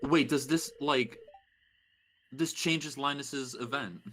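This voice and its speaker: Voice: medium pitch, slow, a bit bright. A friend on a gaming call, teasing the streamer with crude jokes. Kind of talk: casual gaming banter.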